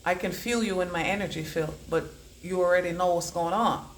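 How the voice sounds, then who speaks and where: A woman's voice: a little fast, slight background noise. Rambling psychic woman in an echoey room. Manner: rambling, repeats words in chanting bursts; swings between low murmurs and loud declarations. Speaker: psychic oracle card reader. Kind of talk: channelled oracle card reading.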